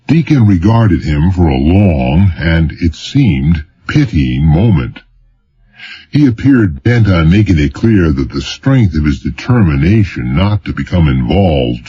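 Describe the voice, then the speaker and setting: A man narrating a thriller audiobook in measured, dramatic storytelling. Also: rumbling low, dark tone, breathy edge, highs cut off. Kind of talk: scripted narration.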